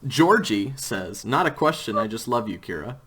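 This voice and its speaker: A man's voice: lowish voice, big pitch swings, moderate pace, a bit bright, slightly rough. Casual, rambling male podcast host. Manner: rambling, with frequent restarts and tangents. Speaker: host and audio drama creator. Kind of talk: casual interview chat.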